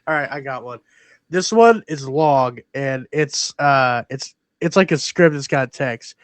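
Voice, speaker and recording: A man's voice: medium pitch, measured pace, smooth, no room sound. A man co-hosting a film podcast, joking and teasing in casual chat over a remote call. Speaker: podcast co-host.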